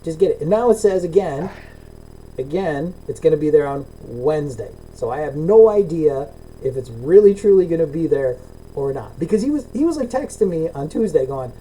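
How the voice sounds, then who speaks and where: A man's voice: a little high, very animated, normal speed, mellow, breathy edge, low-quality recording. A middle-aged man co-hosting a casual podcast over a video call, ranting and swearing, acting out both sides of his complaints. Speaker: podcast co-host. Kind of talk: casual profane chat.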